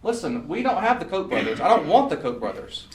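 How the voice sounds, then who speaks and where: A man's voice: a little high, very animated, brisk. A man giving a campaign speech at a meeting, earnest and pleading as he tells stories. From Southern US. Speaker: political candidate. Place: meeting room. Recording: echoey room, mic far off.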